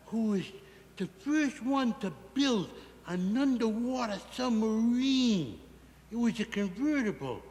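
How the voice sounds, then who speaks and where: A man doing a high, goofy barroom simpleton. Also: roomy sound, long reverb tail, exaggerated voice. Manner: rambling, goofy punchline storytelling with wheezy giggles. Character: dim, cheerful man-child barfly telling a garbled tale. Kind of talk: 1960s TV variety sketch monologue.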